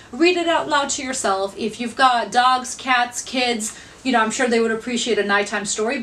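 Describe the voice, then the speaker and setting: A woman's voice: fairly high pitch, fairly bright tone, a little hiss or hum. A young adult woman presentation trainer giving an upbeat, chatty instructional talk to camera.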